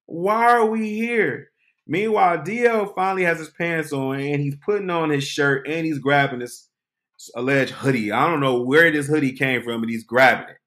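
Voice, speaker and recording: A man hosting a podcast, telling a comic story in an animated, dramatic way. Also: a little high, normal speed. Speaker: podcast host. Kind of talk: comedic storytelling.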